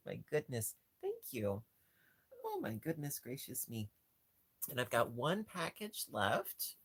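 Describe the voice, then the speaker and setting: A man hosting a casual livestream chat, gushing and jumping into a squeaky high pitch over cute things, rambling with frequent restarts. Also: big pitch swings, slow pace, no echo. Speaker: livestream host.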